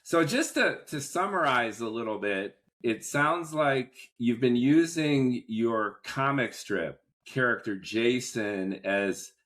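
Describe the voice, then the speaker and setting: A man hosting an interview, summarizing his guest's answers in a slow, measured way. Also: mid-range voice, expressive, a bit bright. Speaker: podcast host.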